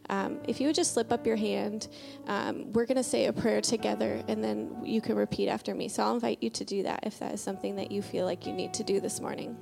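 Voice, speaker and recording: A woman's voice: medium pitch, vocal fry, darkish tone. A woman preaching and leading prayer in a conversational sermon, chatty and full of filler words, telling homely stories.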